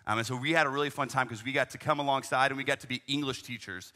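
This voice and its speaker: A man's voice: mid-range voice, steady tone, rapid-fire, sharp tone. A young man, a youth ministry leader, telling a travel story in a conversational way, full of "man" and "right?" asides. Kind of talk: storytelling talk.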